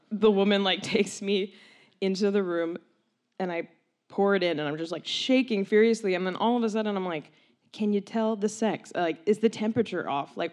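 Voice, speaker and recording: With a medium-pitched voice, a young woman tells a long personal story. She's animated and laughs a lot, saying "like" often and quoting other people's voices.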